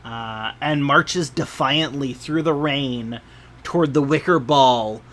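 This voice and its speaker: A man narrating a tabletop game as game master, describing scenes in a measured, descriptive way. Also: mid-range voice, fairly bright tone.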